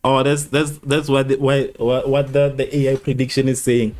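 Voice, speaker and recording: A man hosting a live football watchalong, rambling and repeating himself, who laughs at his own slips and jumps high in pitch at exciting moments. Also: moderate pace. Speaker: watchalong host. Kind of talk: live match watchalong chat.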